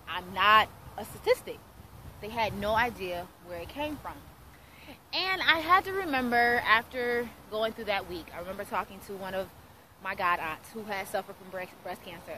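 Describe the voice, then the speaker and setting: Woman, thirties, personal testimony, earnest storytelling, bright tone, light background noise. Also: mid-range voice, rough recording. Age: 30s. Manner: earnest storytelling, acting out quoted dialogue. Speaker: radio host.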